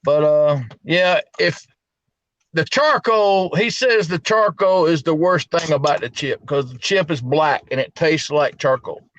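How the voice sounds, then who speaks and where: A middle-aged man with a drawl chats casually, repeating his words as he goes. His voice sits fairly high for a man. The sound is dry and a little dull, picked up on a phone at a gas station at night. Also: measured pace, a bit bright, no echo. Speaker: live stream guest. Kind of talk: casual chat.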